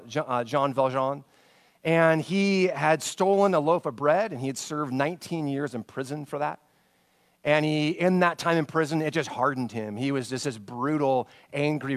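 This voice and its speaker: A pastor delivers a sermon, retelling stories with animated swings between loud emphasis and hushed passages. His voice is smooth and medium-pitched, though he sometimes stumbles over names.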